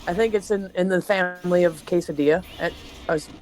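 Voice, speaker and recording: A woman's voice: on the low side, fast, darkish tone. A woman guest on a stream, chatting casually in a tentative, self-deprecating way. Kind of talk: casual chat.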